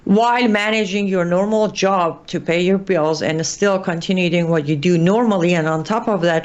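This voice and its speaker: A woman from Iran hosting an online show, giving earnest, pleading political commentary while exhausted and short on sleep. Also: on the low side.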